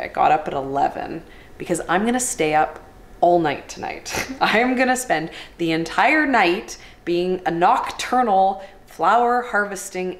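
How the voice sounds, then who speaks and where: A woman's voice: lowish voice, echoey room. A woman flower farmer narrating her vlog casually, wry and self-mocking, laughing often. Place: flower farm, outdoors and in a work shed.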